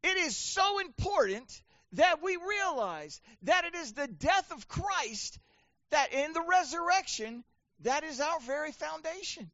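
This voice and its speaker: A woman's voice: sits high, animated, a little slow, a bit bright, no room sound, dull audio. A woman following up a sermon, earnest and exclaiming to the congregation. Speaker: co-host following the preacher.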